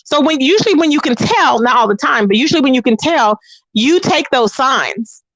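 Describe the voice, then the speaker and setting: A woman's voice: expressive, moderate pace, fairly bright tone, no room sound, dull audio. A woman hosting a casual gossip commentary channel, sassy and dramatic, talking straight to her viewers as "child" and "baby". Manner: dramatic swoops up into high exclamations.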